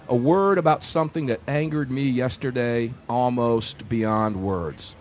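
A man's voice: mid-range voice, unhurried, few pauses, darkish tone, lo-fi sound. A man hosting a live talk radio show from a fair booth, speaking in an emphatic, indignant, opinionated way.

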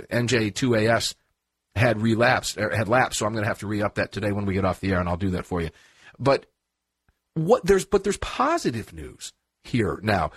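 A male talk radio host with a slightly husky voice and a sarcastic, emphatic way of talking. He speaks into a dry, close studio mic. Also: fairly low pitch, a bit bright, no echo.

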